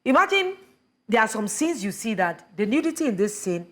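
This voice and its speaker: A woman's voice: fairly high pitch, big pitch swings, brisk. A woman, a panelist earnestly building her argument in a discussion.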